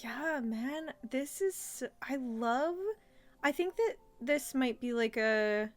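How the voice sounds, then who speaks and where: A woman's voice: high voice, slow pace. Chatty young woman gushing over a cartoon. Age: young adult. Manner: chatty, gushing, many fillers. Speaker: host reviewing a childhood cartoon. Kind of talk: casual commentary.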